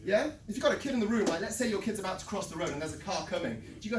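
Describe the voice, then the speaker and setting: A sales trainer giving a lively live workshop talk to a room, telling a story and checking in with the audience by asking "right?". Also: mid-range voice, racing, few pauses, slight background noise. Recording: echoey room, mic at a distance.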